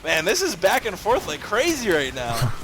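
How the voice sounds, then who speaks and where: A man with a high, wildly swinging voice calls a live game match, jumping up in pitch whenever a big play lands. He jokes and riffs between plays, speaking over a headset with a faint hiss behind him. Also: moderate pace. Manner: excitable, joking, rises sharply on big plays. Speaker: esports caster.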